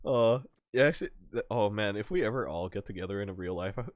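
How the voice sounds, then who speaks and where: A man's voice: fairly low pitch, fast talker, dry recording. A man hosting a stream, chatting casually and laughing often between rambling, restarting sentences. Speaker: streamer host. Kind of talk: casual chat.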